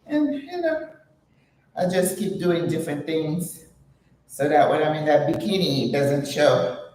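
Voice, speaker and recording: Older woman host, slow-talking, chatty and laughing while she works out, recorded from a distance in an echoey space. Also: sits low, animated, a little mellow, a little hiss or hum. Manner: chatty, laughs often, breathy exertion sounds. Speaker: channel host. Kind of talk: casual vlog while exercising.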